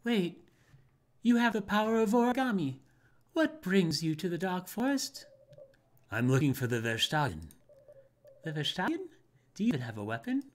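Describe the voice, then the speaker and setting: A man putting on a high stern forest archer. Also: very animated, moderate pace, long pauses, a little hiss or hum. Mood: curious. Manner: stern, warning tone. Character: wary archer guarding a dark forest.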